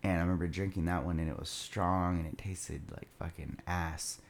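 Low-voiced young guy, swears a lot, laid-back party story. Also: steady tone, normal speed. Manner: loose and profane, laughs through the story. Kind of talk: casual storytelling.

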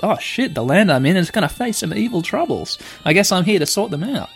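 Young man, let's play commentary, playful, excitable, animated pitch, slightly high voice. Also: a little fast, creaky, hardly any pauses. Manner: playful, excitable, reads game text aloud. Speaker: game player. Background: faint game music.

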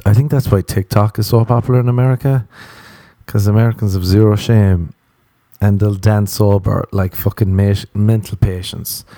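A man's voice: fairly low pitch, warm tone, no echo. A man hosting a comedy podcast, ranting in a profane, sarcastic monologue into a close mic. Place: Los Angeles home recording.

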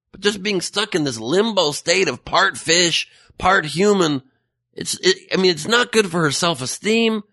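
A man's voice: a little high, sharp tone, dry recording, studio quality. A man hosting a satirical comedy show, ranting with sarcastic incredulity. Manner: sarcastic, incredulous, mock rants. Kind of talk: satirical monologue.

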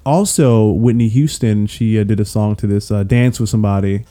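Man, podcast co-host, casual chat, mellow tone, rambling and swearing. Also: lowish voice, moderate pace.

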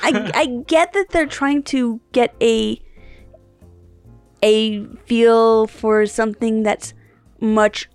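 A woman co-host talks in an easy podcast chat, slowly and in a smooth, clear voice that sits a little high. She pauses and rephrases as she works through her thoughts, and the sound is close and dry with faint music underneath. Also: steady tone, a little mellow, dry recording. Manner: thoughtful, halting, rephrases often. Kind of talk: casual chat.

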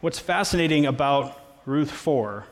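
A man's voice: on the high side, lively intonation, a little slow. A man, a pastor, preaching a sermon in a casual, conversational way with playful asides. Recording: long reverb of a large hall.

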